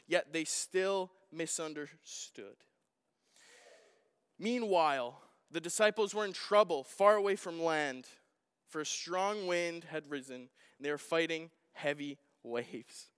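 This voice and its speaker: A man preaches in a casual, conversational way, now and then asking the congregation questions. His voice is fairly high and smooth, and it carries a long hall reverb. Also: a bit bright. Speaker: pastor. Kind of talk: sermon.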